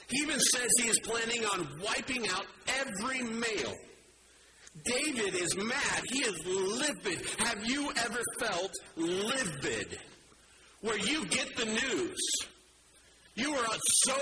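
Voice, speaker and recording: Animated male preacher, noisy recording. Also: high voice, takes it slowly. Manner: animated, swings between loud and hushed. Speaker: pastor. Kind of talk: sermon.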